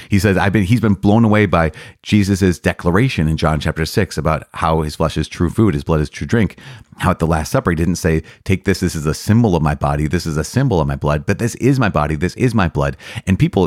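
A man's voice: sits low, darkish tone, dry recording, clean studio sound. A man, a priest hosting a podcast, giving earnest and enthusiastic commentary on the catechism, with frequent restarts and repeated words.

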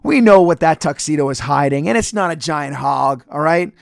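A man's voice: on the high side, expressive, normal speed, gravelly, no echo, studio quality. A man reviewing a wrestling match in casual solo podcast commentary, profane, sarcastic and rambling.

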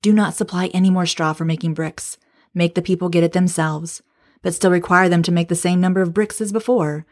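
A woman's voice: fairly low pitch, fairly even intonation, a little fast. A woman reading as a scornful old-world king. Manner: dismissive, scolding. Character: haughty scornful male Egyptian king.

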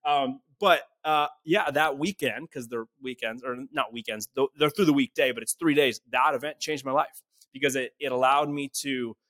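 A young man from small-town Canada tells his story as a podcast guest, with lively energy and casual fillers. His middle-pitched voice sounds close and dry, with no room around it. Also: normal speed, no room sound. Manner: lively, acts out quoted dialogue, casual fillers. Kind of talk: animated storytelling in conversation.

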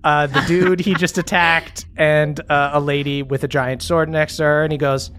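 A man's voice: a little high, level tone, moderate pace, fairly bright tone, smooth. A man running a tabletop game as game master, narrating loosely with many fillers.

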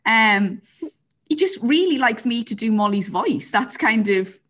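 A woman's voice: on the high side, lively intonation, measured pace, fairly bright tone. A woman hosting a casual chat, chatty and laughing often, with lots of "like" and some swearing. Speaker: podcast host.

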